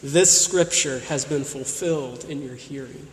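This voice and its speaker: A man's voice: medium pitch, unhurried. A male pastor preaching a sermon, pressing his listeners with repeated rhetorical questions. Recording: echoey hall with long reverb.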